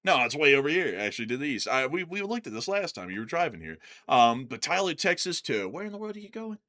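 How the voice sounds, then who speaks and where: A man with a bright, forceful voice, chatting casually as co-host of a livestream. He tells stories with animated energy and laughs often. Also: a little high, fast. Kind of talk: casual chat.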